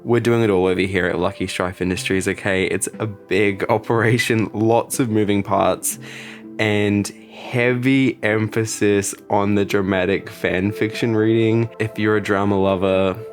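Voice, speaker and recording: A man's voice: fairly low pitch, steady tone, measured pace, faint music behind. A man hosting his art channel, chatting to camera in a playful, jokey and dramatic way. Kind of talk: casual chat to camera.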